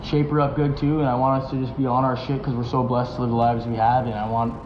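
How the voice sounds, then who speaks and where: A man's voice: medium pitch, flat delivery, quick pace, background noise. A man answering in a casual interview, slangy and emphatic. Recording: dull echoey clip with music.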